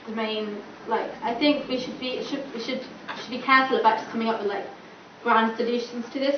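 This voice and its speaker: A young woman campaigner giving a chatty panel talk, full of "like" and acted-out quoted dialogue. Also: on the high side. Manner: chatty, filler-heavy, acts out quoted dialogue. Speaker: student campaigner. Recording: distant, echoey, dull and noisy room recording.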